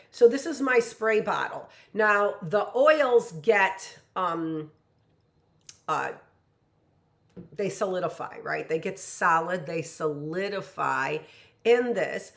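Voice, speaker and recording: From her home kitchen, a teacher in her late fifties runs a relaxed live-streamed lesson. Her voice sits low with a fairly bright tone and a roomy feel, and her delivery wanders chattily, full of "you know."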